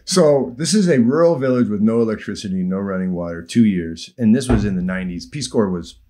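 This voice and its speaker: Animated middle-aged man telling stories. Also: fairly low pitch, brisk. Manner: animated, acts out village voices, laughs often. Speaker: former field worker telling stories. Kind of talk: casual storytelling conversation.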